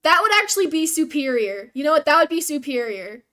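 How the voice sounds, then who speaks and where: A woman's voice: sits high, big pitch swings, fairly quick, fairly bright tone. A young woman streaming a video game, chatting casually with viewers in a rambling, self-deprecating way.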